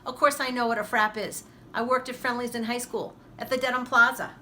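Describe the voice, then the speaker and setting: A woman with a Boston accent, a middle school teacher, talking in an animated, amused way. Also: on the high side, a little fast, slight background noise.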